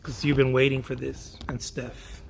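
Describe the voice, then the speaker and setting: A man's voice: medium pitch, level tone, moderate pace, creaky, slight background noise. A man chatting playfully and boastfully while he paints in his art studio, humming to himself between remarks. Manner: playful, boastful, hums and sings while working. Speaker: artist painting on a livestream. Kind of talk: casual chat while painting.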